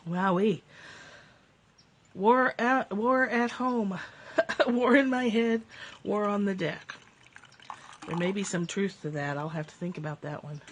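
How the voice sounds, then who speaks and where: Slow-talking woman on a home livestream. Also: medium pitch, slight background noise. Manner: reads passages slowly, laughs often, startled by her cats. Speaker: live-stream host. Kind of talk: casual spiritual livestream chat. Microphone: phone or webcam livestream.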